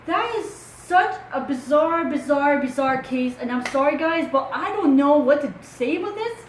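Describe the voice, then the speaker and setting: A woman's voice: high-pitched, animated, normal speed, echoey room, a little hiss or hum, rough recording. A woman with a French accent, a true crime vlogger reading news aloud and asking rhetorical questions in casual commentary.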